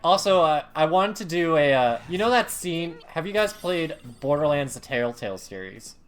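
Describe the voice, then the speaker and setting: A young man co-hosting a live gaming stream, telling stories in an animated, casual way and swearing freely. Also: on the high side, normal speed, soft background music. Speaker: livestream co-host.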